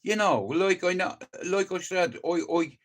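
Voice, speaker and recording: A man's voice: sits high, measured pace. An older man with a Dublin accent in a casual livestream monologue, blunt and profane, agitated, stammering over restarts as he tells his story. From Ireland.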